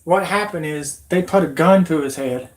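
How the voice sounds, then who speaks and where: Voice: mid-range voice, normal speed. A livestream host giving an agitated, emotional, rambling rant into a computer microphone. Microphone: computer mic.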